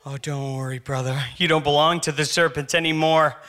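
A man's voice: on the high side, fairly even intonation, fairly quick, bright, forceful tone. A man voicing an overly sweet hippie churchgoer who gushes at everyone. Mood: gushing.

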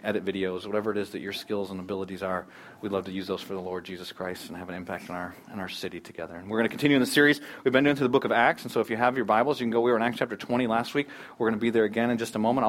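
A man's voice: medium pitch, steady tone, quick pace. A man preaching as pastor, moving from church announcements and prayer to a joking game that quizzes the congregation. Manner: upbeat, joking, quizzes the crowd. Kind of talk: church announcements, prayer and playful audience sermon opener.

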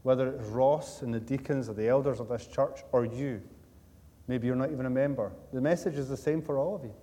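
A man from Scotland delivers a sermon fairly quickly, his mid-range voice warm. The style is conversational storytelling with jokes and emphatic repetition, recorded in a church sanctuary with long reverb.

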